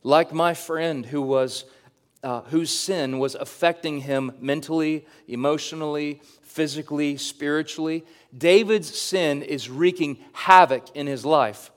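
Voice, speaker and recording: A pastor, a man, reading scripture slowly and then preaching with rising emphasis, speaking straight to his congregation. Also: a little high. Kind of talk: sermon.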